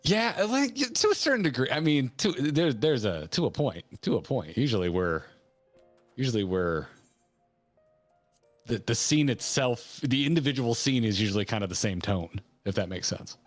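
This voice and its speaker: A man hosting a game stream, rambling and excitable in casual chat. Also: mid-range voice, moderate pace. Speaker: streamer host. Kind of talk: casual let's-play chat. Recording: faint game music behind.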